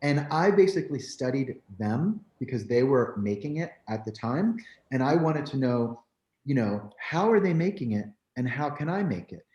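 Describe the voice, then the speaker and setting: Animated storytelling man, roomy sound. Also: medium pitch, moderate pace, highs cut off. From New Jersey, US. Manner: animated and candid, with frequent "like" and "you know". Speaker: photographer. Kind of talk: storytelling in a conversation. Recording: roomy echo.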